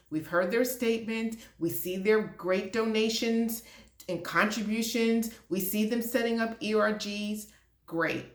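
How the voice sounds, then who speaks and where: A woman's voice: mid-range voice, fairly bright tone, reverberant. A woman speaking as an HR and diversity leader, talking to camera in a passionate, emphatic rant. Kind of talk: direct-to-camera talk.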